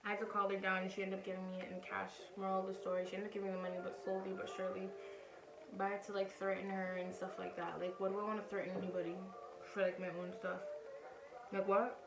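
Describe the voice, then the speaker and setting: A woman's voice: medium pitch, little pitch movement, quick pace. A young woman vlogger casually telling a personal story to the camera, candid and chatty. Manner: candid, chatty, acts out other people's lines. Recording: roomy, distant from mic, background noise.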